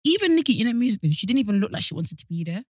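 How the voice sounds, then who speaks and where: A woman co-hosting a podcast, chatting casually and animated with strong opinions. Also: medium pitch, very fast, husky, no room sound, studio quality. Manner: animated, opinionated, laughs often. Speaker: podcast co-host. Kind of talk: casual chat.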